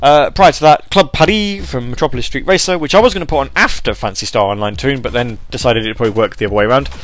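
A man's voice: mid-range voice, fast. A man hosting a podcast alone, rambling and self-deprecating, with many fillers and restarts. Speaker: podcast host. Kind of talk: casual solo podcast chat.

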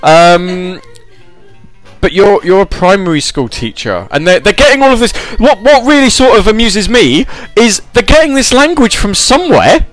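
Male host, rambling self-deprecating chatter, animated delivery. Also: high voice, moderate pace, faint music behind. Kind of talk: casual chat.

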